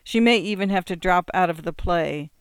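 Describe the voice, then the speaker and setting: A narrator reading a literary story in a measured, reflective way. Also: mid-range voice, clear, resonant tone, dry recording, studio quality. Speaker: audiobook narrator.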